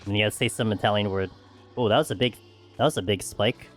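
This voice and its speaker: A man's voice: on the low side, quick pace, faint music behind. A man streaming a game, chatting casually with friends in a loose, rambling way and laughing often. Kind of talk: casual chat while gaming.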